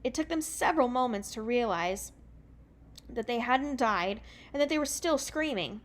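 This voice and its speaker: A woman reading a children's book aloud in a relaxed, unpolished way, correcting her own slips as she goes. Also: fairly high pitch, normal speed. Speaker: reader.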